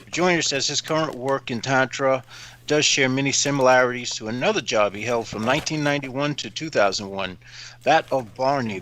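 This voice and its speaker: A man's voice: mid-range voice, fairly bright tone, a little hiss or hum. A man cohosting a livestream, reading an article aloud and breaking off with blunt, profane commentary. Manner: blunt, swears freely, scoffing.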